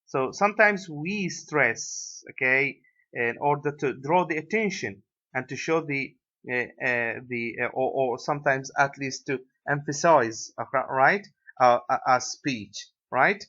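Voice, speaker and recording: A male English lecturer with an Iraqi Arabic accent, explaining a lesson slowly and filling pauses with "uh" and "right?". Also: medium pitch, pushed and bright. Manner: hesitant, many fillers, tag questions like "right?". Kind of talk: recorded lecture. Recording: dull lo-fi lecture recording.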